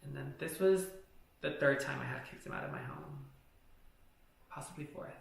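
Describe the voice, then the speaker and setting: In an echoey room, a man tells a personal story for his vlog, drifting casually from point to point while cursing frequently and saying "like" constantly. His mid-range, creaky voice moves at a moderate pace but swings hugely in pitch.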